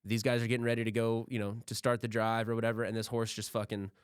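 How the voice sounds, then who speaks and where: A man's voice: lowish voice, little pitch movement, fast talker, clean tone, no echo, clean studio sound. A young man co-hosting a podcast, telling stories in a laid-back, profane, casual way. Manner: laid-back, swears freely. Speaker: podcast co-host.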